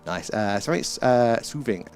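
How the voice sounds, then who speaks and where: A man's voice: medium pitch, lively intonation, moderate pace, darkish tone, a little hiss or hum. A British man hosting a casual live stream, chatting, greeting viewers by name and swearing mildly. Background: faint ambient music.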